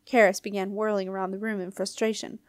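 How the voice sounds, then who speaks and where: A woman's voice: mid-range voice, fast, dry recording. Woman reading a storybook, dry and close. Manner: clear, expressive reading. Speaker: audiobook reader. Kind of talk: storybook narration.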